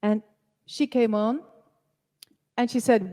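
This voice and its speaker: Slow, halting woman presenter. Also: mid-range voice, warm tone, big-room sound. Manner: chatty, halting, with many fillers. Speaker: presenter and singer. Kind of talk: live-streamed music talk.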